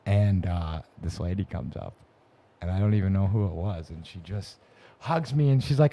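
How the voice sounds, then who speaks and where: Man telling a rough story, profane. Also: low-pitched, moderate pace, mellow. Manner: rambling, profane, frequent restarts. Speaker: podcast guest sharing recovery story. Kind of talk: casual storytelling. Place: podcast room.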